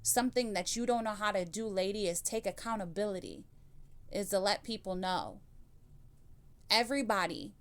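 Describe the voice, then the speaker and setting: A woman's voice: mid-range voice, fairly bright tone, clear, resonant tone. A woman hosting a reaction commentary channel, blunt and scolding, swearing freely as she answers clips.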